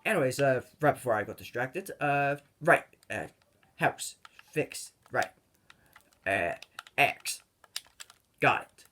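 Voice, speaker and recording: Rambling young man with a lively voice. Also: mid-range voice, slow pace, pauses often. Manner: rambling and tangent-prone, with many fillers. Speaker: gaming channel host. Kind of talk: rambling let's-play commentary.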